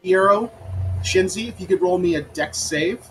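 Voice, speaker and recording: High-voiced man running a tabletop game. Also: slight background noise, low-quality recording. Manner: halting, with many ums and uhs. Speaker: game master.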